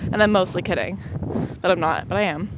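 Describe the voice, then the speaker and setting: A woman's voice: fairly low pitch, fast. Sick, breathless young woman rambling outdoors. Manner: self-deprecating, joking, scattered. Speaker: podcast host. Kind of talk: rambling solo podcast chat. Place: outdoors on a windy street while walking. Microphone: headset mic on headphones. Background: passing cars and wind.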